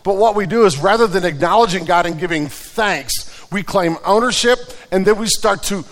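Male pastor mid-sermon, high voice, chatty storytelling delivery, recorded in a reverberant church. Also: normal speed, fairly bright tone. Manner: conversational preaching with repeated restarts and told anecdotes.

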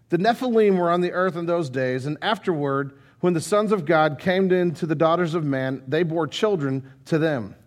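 A man pastor reading scripture and retelling it in a casual, conversational sermon full of asides. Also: sits high. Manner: conversational, animated, many asides. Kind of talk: sermon, Bible reading and storytelling.

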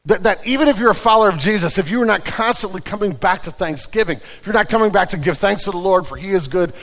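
Male pastor mid-sermon, high voice, chatty storytelling delivery, recorded in a reverberant church. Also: fast, a bit bright. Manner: conversational preaching with repeated restarts and told anecdotes.

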